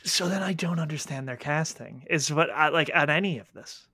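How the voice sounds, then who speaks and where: A man in casual podcast chat, animated and quick to argue, swearing freely. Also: a little high, husky, no room sound, clean studio sound.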